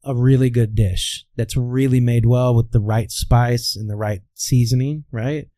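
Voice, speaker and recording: Man, from the midwest, voice coach, interview guest, teacherly, rhetorical questions, mellow, dry recording. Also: medium pitch, fairly even intonation, measured pace, dry recording. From Midwestern United States. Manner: teacherly, asks rhetorical questions and answers them. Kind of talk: explaining in an interview.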